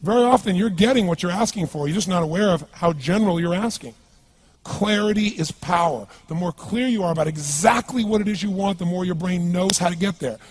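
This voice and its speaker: A man's voice: high-pitched, a little fast. A man speaking as a motivational speaker at a live seminar, emphatic and punchy, often asking the audience questions.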